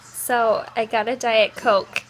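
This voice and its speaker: A woman's voice: fairly high pitch, fairly even intonation, takes it slowly. A young woman talking to her camera in a casual vlog from her kitchen at home. She is gushing and heartfelt and fills her talk with "like.". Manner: gushing, heartfelt, heavy use of "like". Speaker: vlogger.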